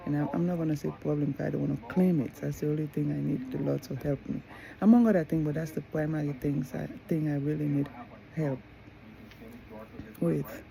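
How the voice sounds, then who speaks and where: A woman's voice: low voice, fairly even intonation, brisk, vocal fry, mellow, low-quality recording. A woman, a mother, talking casually to camera in a rambling way, with many restarts and asides. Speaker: mother and vlogger.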